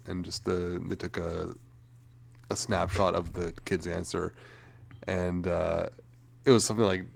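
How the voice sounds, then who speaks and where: Deep gravelly man with lively pitch. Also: dry recording. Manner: laid-back, chuckling anecdotes. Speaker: podcast co-host. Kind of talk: casual chat.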